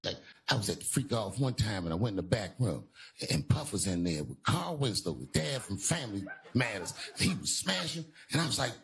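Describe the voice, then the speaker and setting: A man's voice: big pitch swings, fairly quick. A man doing a stand-up set, self-mocking and acting out others in his stories. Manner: self-mocking, with sudden jumps in pitch. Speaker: stand-up comedian. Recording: live club with loud crowd.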